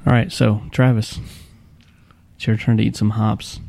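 A man with a gravelly, creaky voice co-hosts a casual chat. He steers the segment along and playfully teases the others, with a little faint background noise. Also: on the low side, little pitch movement, a little slow, a little mellow. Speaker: podcast co-host.

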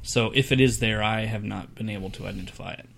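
A man's voice: fairly low pitch, fairly even intonation, quick pace, vocal fry, fairly bright tone, a little hiss or hum. A man co-hosting a casual beer-tasting podcast, thoughtful and hedging, often restarting his sentences. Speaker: podcast co-host.

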